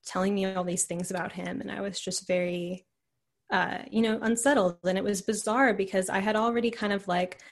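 A woman's voice: mid-range voice, steady tone, a little fast, creaky. A young woman, a podcast guest, telling a personal story in a rambling way full of "like" and "you know". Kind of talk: casual conversational storytelling.

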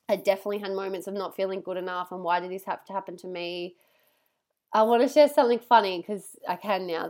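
A young woman hosting a podcast, talking candidly and animatedly, swearing freely and acting out what people said, her nose stuffy from crying. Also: mid-range voice. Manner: candid, sweary, animated retelling with voiced quotes. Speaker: podcast host. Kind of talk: casual personal monologue.

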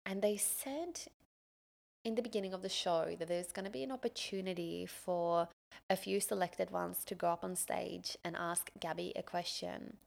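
A woman in her thirties, hosting a podcast and telling a personal story in an animated, emotional way with many exclamations. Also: fairly low pitch, normal speed, creaky. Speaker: podcast host.

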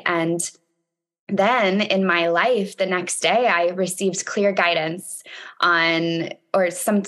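Reflective woman coach, slightly low voice. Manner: candid and reflective, with frequent fillers. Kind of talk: casual personal storytelling.

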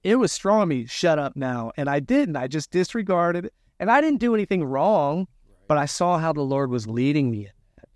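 A man telling his own story in an interview, animated and acting out the dialogue he quotes. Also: mid-range voice, no echo, studio quality. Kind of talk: conversational storytelling.

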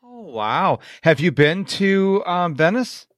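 A talkative man from Western New York hosts his podcast with a fairly high voice. He chats eagerly and tells animated stories, and the sound is dry and close, with no room around it. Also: slow, no room sound. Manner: chatty, enthusiastic, animated storytelling. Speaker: podcast host. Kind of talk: casual interview chat.

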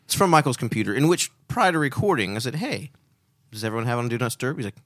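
A man's voice: medium pitch, lively intonation, very fast, a bit bright, no echo, clean studio sound. A man co-hosting a podcast, playful and agreeable in casual chat. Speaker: podcast co-host.

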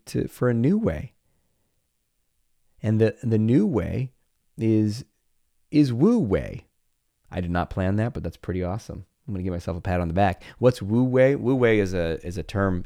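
A man in his forties talks through his own experience on his podcast, low-pitched and candid. He shifts into playful asides and acts out his inner voices as he goes. The sound is close and dry, with no room around it. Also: darkish tone, no echo. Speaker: podcast host. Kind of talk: reflective personal monologue.

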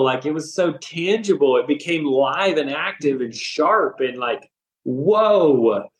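A man in his thirties, a podcast guest, giving a personal faith testimony in animated, emotional storytelling full of casual slang. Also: a little high, takes it slowly. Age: 30s. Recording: roomy echo.

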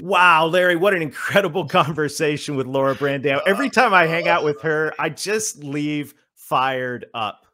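A man co-hosting a chat, effusive and quick to laugh. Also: on the high side, sharp tone, soft background music. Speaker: co-host. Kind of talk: casual chat on a webinar.

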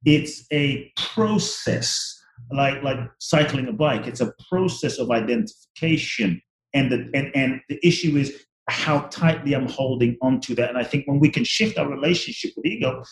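A man in his forties talking slowly and reflectively about the ego in a spiritual conversation, often repeating words as he thinks. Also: medium pitch, expressive, reverberant, poor audio. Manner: slow, searching, repeats words while thinking.

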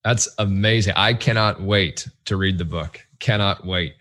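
A man's voice: deep voice, unhurried, a bit bright. A man hosting a podcast, reacting with enthusiasm and wrapping up a guest's story. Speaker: podcast host.

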